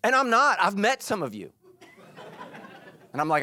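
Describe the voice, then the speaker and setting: A middle-aged man preaching a sermon in church, animated and joking, breaking into quick quoted voices. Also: sits high, a little hiss or hum. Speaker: pastor. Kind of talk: energetic sermon.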